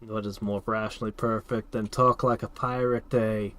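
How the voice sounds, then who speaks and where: A man's voice: lowish voice, flat delivery, moderate pace, few pauses, bright, forceful tone. A man casually thinking aloud as he plays a strategy game, reacting to each turn. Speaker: gameplay streamer. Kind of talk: casual let's-play commentary.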